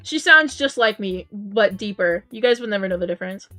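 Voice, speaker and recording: Lively intonation and a pushed, bright medium-pitched voice mark this woman as she briskly chats with viewers and reads their messages. She giggles frequently and restarts her sentences with many ums; faint game music plays under her headset mic.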